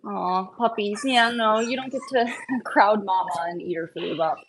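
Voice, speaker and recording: A woman breeding dogs who chats on a casual live stream at home, switching between high sing-song baby talk to puppies and low chatty asides. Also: normal speed, a little hiss or hum, poor audio.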